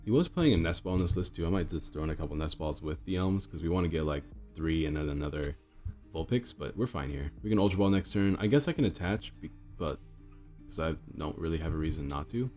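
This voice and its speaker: A young man with a hoarse, groggy voice, chatting casually while commentating a card game he is playing. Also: a bass voice, lively intonation, fast talker, darkish tone, soft background music. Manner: chatty, thinks aloud with fillers.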